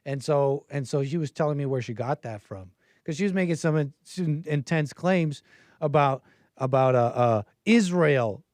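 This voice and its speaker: A man's voice: medium pitch, moderate pace, a little mellow, no room sound. A man hosting a call-in show, talking loosely and trailing off mid-sentence. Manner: loose, conversational, trailing off often. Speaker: talk show host.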